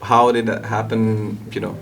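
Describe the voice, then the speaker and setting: A man with a fairly low voice hosts a casual interview. He talks hesitantly, with many fillers, as he builds up his questions. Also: little pitch movement, moderate pace, creaky, slight background noise. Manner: hesitant, many uhs and you knows.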